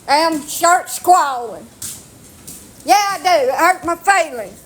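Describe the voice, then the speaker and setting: Here a woman's high, expressive voice moves a little slowly and pauses often. Phone in hand on rural property with dogs around, this storyteller vlogger spins a yarn in blunt, salty, casual language, poking fun at herself.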